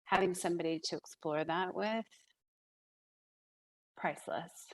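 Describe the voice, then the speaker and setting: A woman's voice: on the low side, a little slow, low-quality recording. A woman speaking as a guest in a casual podcast conversation, reflective, with frequent fillers and restarts.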